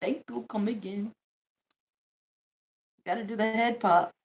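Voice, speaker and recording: Slow-talking joking woman livestreamer. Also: mid-range voice, fairly even intonation, background noise. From United States. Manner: laughs often, swears freely, blunt and joking. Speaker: livestream host. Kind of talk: casual livestream chat.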